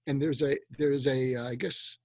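A man's voice: medium pitch, steady tone, normal speed, darkish tone, no room sound. A man as a guest in an interview, explaining advice earnestly, with restarts and quoted lines acted out. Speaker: guest expert on communication.

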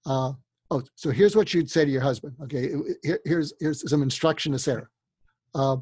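A man's voice: mid-range voice, moderate pace, darkish tone, husky, no room sound. A man speaking as a therapist guest in a casual podcast conversation, acting out sample dialogues in a livelier voice. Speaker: psychotherapist guest. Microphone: remote call microphone.

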